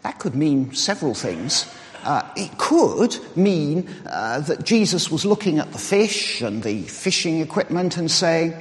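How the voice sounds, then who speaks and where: A man preaching a sermon, explaining in a measured way and reasoning aloud. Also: fairly high pitch, sing-song. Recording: reverberant hall.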